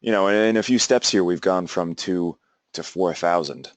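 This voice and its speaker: A young man with a very low voice gives a classroom lecture, wandering through his points with plenty of "uh"s and false starts. The sound is dry and close, with little room around it. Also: moderate pace, no echo. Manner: rambling, many fillers and restarts. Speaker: teacher.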